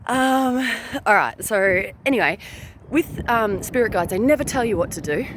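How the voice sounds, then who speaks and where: A woman who works as a spirit channeler, chatting casually to viewers, laughing often, dropping many fillers and "all right?" tags, and climbing high in pitch as she tells a story. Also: normal speed, very noisy. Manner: animated, rising high when telling a story.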